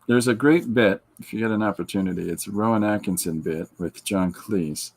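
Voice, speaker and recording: A man's voice: on the low side, a little fast. A middle-aged man hosting a podcast, chatting casually and joking while he reads viewer comments and laughs at his own retellings. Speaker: podcast host.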